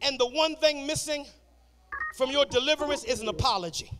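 A man preaching a sermon, shouting in a sing-song cadence in a church sanctuary. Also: extremely high pitch, fairly quick, loud music behind the voice. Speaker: pastor.

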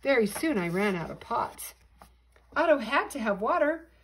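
An older woman reading a children's storybook aloud in an expressive, animated way. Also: a little high, normal speed, breathy edge, poor audio.

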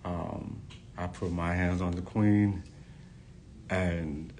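Deep-voiced guy vlogging slow, all gushy and emotional, faint rumble behind. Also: steady tone, a little mellow. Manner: effusive, gushing, repeats phrases. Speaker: hairstylist. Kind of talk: emotional casual vlog to followers.

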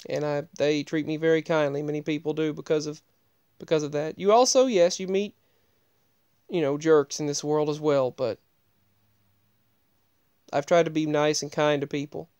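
Give me a rambling man telling a casual story, his voice smooth and a bit high, with plenty of restarts. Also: steady tone, moderate pace, long pauses, darkish tone, dry recording, highs cut off. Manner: rambling, digressive, frequent restarts.

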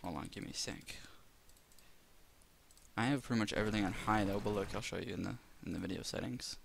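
A man's voice: on the low side, fast talker, creaky, fairly bright tone, slight background noise. A man rambling nervously while playing a horror game, often muttering in fright. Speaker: let's play gamer.

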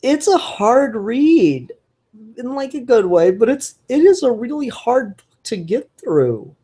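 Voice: mid-range voice, big pitch swings, takes it slowly, mellow, breathy edge. A comic book reviewer talking casually and enthusiastically, rambling with frequent fillers and restarts. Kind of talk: casual solo review podcast.

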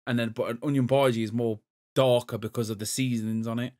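A man's voice: mid-range voice, steady tone, fast talker, a little mellow. A man co-hosting a gaming podcast, chatting loosely and rambling. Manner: rambling, loose, swears casually. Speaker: podcast co-host. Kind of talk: casual chat.

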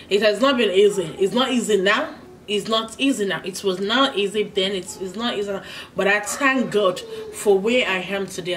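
This vlogger, a Nigerian woman with a Nigerian English accent and a medium-pitched, slightly bright voice, tells a story while eating in a casual mukbang. She's chatty, pausing for bites and appreciative hums. Faint background noise accompanies a slightly distant mic.

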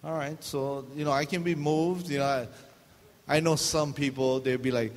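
A man's voice: on the high side, normal speed. Man, pastor, joking sermon, long church reverb, faint hiss. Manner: joking, animated, acts out dialogue. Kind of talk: humorous sermon storytelling.

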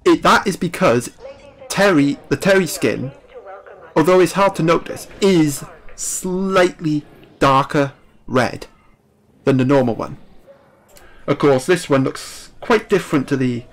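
A young man, excitedly commenting on a dinosaur game while he plays, laughing often and talking to the screen. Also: fairly high pitch, measured pace, long pauses. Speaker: gaming YouTuber. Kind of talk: live gameplay commentary.

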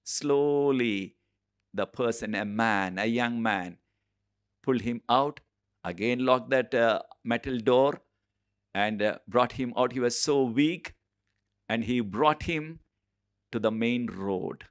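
A man preaching a sermon, telling a story with frequent pauses and repeated phrases. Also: mid-range voice, smooth. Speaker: preacher and Bible teacher.

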